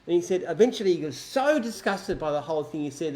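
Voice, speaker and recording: A man's voice: fairly high pitch, lively intonation, quick pace, few pauses, a little mellow, slight background noise, poor audio. A man chatting casually and telling a long joke, rambling with restarts. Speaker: company founder answering questions.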